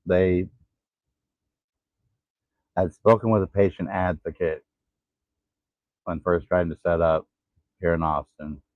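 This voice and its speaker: A man in his forties telling his own story in a halting, tired way, pausing to catch his breath. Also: low-pitched, steady tone, dry recording. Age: 40s. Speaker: vlogger. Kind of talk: casual personal vlog. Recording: tinny phone-like sound.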